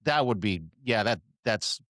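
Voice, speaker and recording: A man's voice: fairly low pitch, animated, unhurried, a bit bright, no echo, clean studio sound. A middle-aged man co-hosting a podcast, chatting casually, rambling with frequent restarts and laughs. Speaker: podcast co-host. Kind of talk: casual chat.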